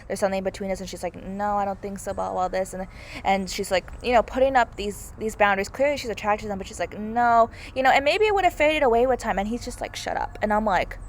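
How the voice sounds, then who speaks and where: A young woman giving a casual, gushing movie review, peppered with "like" and "oh my God", over faint background noise. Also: medium pitch. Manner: gushing, heavy use of "like" and "oh my God".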